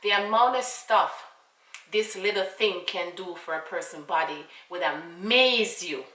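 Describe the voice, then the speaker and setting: Bright-voiced Jamaican woman telling a story. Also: on the low side, unhurried, recorded from a distance. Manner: animated, full of fillers and asides. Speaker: vlogger. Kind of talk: casual storytime. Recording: roomy, away from mic.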